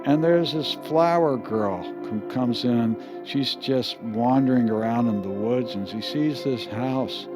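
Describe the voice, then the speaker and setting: An older man spins a rambling, humorous tale in a casual, chuckling way, with a middle-pitched voice. Music plays steadily behind him. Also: slow pace, hardly any pauses. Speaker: storyteller. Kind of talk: humorous storytelling.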